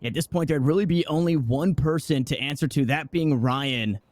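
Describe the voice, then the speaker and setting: A man casting an esports match with play-by-play commentary, talking in excited bursts with frequent restarts. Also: on the high side, moderate pace, no echo. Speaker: esports caster.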